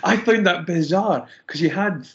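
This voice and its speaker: A man from the Scottish Highlands with a Scottish accent, chatting easily as an interview guest. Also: normal speed. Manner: easygoing, laughs often. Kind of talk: casual interview chat. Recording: dull, lo-fi sound.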